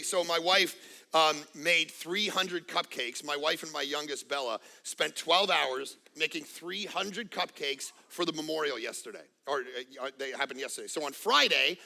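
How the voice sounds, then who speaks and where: A middle-aged man preaching a sermon as pastor, telling jokey family stories and swinging from quiet asides to near-shouting. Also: on the high side, moderate pace, vocal fry. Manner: casual, joking storyteller. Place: church auditorium.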